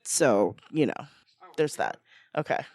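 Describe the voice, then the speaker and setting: A woman's voice: very deep voice, very animated, slow, a little mellow, no echo. A woman co-hosting a live podcast panel, bubbly and teasing, laughing often. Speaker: podcast co-host.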